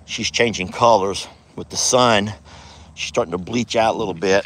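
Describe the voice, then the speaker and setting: A man's voice: fairly low pitch, moderate pace, noisy background. Chatty man on his ranch. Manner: chatty, affectionate, talks sweetly to his cows. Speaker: ranch owner and vlogger. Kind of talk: casual vlog walking among cattle. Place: outdoors on a cattle ranch.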